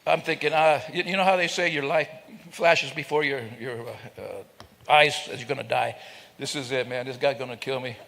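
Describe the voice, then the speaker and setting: A man's voice: mid-range voice, moderate pace, gravelly, a bit bright. A man giving a speech at an event, joking with the audience and acting out sounds and voices as he tells stories. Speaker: guest speaker. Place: event hall. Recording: long hall reverb.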